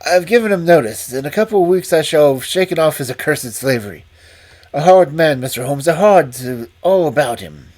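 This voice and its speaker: A man's voice: on the high side, expressive, brisk, darkish tone. A man reading aloud and voicing a nervous, frightened male estate manager who speaks in urgent, breathless bursts.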